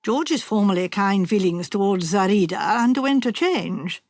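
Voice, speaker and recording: A woman narrating a mystery audiobook in a measured, even storytelling manner. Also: medium pitch, no room sound. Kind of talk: scripted narration.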